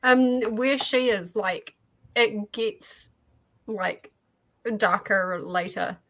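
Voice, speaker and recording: A woman chatting casually, with lots of "like" and pauses. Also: mid-range voice, fairly bright tone, poor audio. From New Zealand. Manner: hesitant, many fillers like "like". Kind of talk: casual chat.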